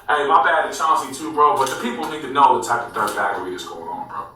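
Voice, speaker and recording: A man telling a story in a casual interview, animated and swearing freely, calling people bro. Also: mid-range voice, fast talker, few pauses. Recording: echoey room, mic far off.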